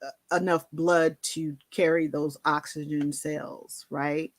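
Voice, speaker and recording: Woman vlogger, lowish voice, candid chatty storytelling, dry close sound. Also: level tone, slow pace, dry recording. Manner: candid, conversational, many fillers and asides. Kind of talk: personal storytelling to camera.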